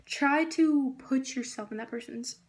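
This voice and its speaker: A woman's voice: high-pitched, a little slow. Enthusiastic young woman presenting a book. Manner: enthusiastic, many fillers, reads quotes aloud. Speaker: student presenter.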